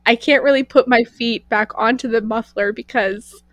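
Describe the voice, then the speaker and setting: Podcast co-host, young woman, fairly high voice, dry close sound, chatty storyteller who acts out dialogue. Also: normal speed, dry recording. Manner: animated, fillers of "like", acts out quoted lines. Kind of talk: casual storytelling chat.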